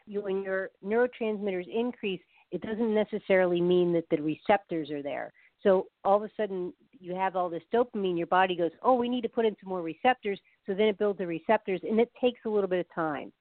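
A woman's voice: medium pitch, no echo. Woman guest expert, chatty explainer, dry and phone-thin audio. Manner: chatty, laughs often, tells anecdotes with quoted voices. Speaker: guest expert on the science of love. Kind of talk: casual explanatory interview talk. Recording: phone-like narrow sound.

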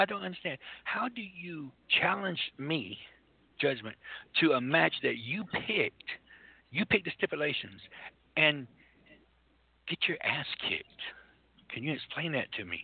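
A man's voice: mid-range voice, husky. Stammering, exasperated man on a phone line. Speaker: radio show co-host. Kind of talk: comedic mock interview. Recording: tinny phone-like lo-fi recording.

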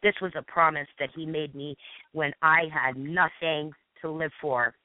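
A woman from Massachusetts, USA, with a low-pitched, steady voice, gives a fervent personal testimony as a guest panelist and reads scripture aloud. She's earnest but sometimes stumbles and restarts. She's on a phone call, so the internet radio audio sounds tinny, with no echo.

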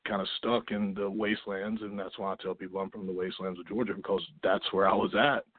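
A man speaks in a low voice, chatting casually as a podcast guest. He often trips into restarts and fillers. The sound is thin and phone-like, and the room is dry and close. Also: little pitch movement, husky, no echo. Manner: halting, many restarts and fillers. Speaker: wrestler guest. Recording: tinny phone-like line.

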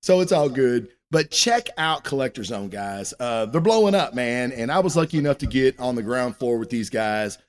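A man's voice: medium pitch, animated, moderate pace, hardly any pauses. A man hosting his own comic book show, chatting casually and rambling with plenty of cussing. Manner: profane, rambling and loose. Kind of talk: casual live-stream chat.

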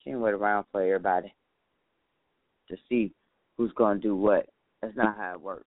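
A man's voice: on the low side, steady tone, normal speed, no echo. Man, talk show host, casual folksy monologue, a little tired, thin phone-line sound. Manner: chatty, folksy, calls listeners honey. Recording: tinny phone-like line, dry.

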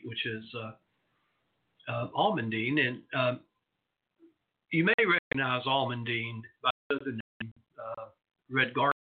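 A man's voice: mid-range voice, breathy edge. A man hosting an internet radio show, chatting in a rambling, digressive way with lots of fillers. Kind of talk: casual solo radio talk. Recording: tinny phone-line audio.

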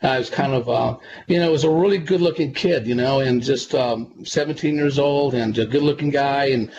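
A man being interviewed, talking in long, earnest, meandering stretches full of "uh" and "you know." His voice sits at an everyday middle pitch. The audio is dull and lo-fi, with plain background noise running under it. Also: brisk. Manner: rambling, earnest, many fillers. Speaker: psychic medium guest. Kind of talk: casual interview storytelling.

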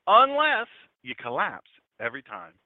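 Middle-aged male preacher, lively storyteller, thin lo-fi dry recording. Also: high-pitched, normal speed, dry recording. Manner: storytelling, acts out quotes. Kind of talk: conversational sermon. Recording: tinny phone-like dry sound.

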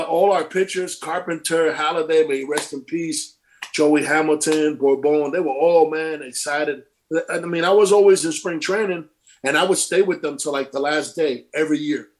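A middle-aged former ballplayer tells his stories in a loose, animated way, acting out the quotes and swearing freely. His voice sits a little high for a man. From Brooklyn, New York. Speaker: former pro baseball player, guest. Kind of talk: casual storytelling interview.

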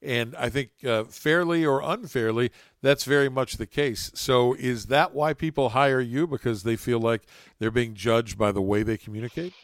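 A man's voice: medium pitch, moderate pace, dry recording, studio quality. A man from southern West Virginia hosting an interview podcast with a friendly, courteous broadcaster delivery. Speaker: podcast host.

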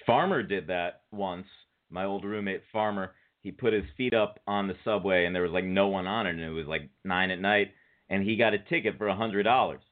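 A man hosting a casual comedy radio show, telling animated stories and laughing often. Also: low-pitched, fairly quick. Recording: tinny phone-like sound.

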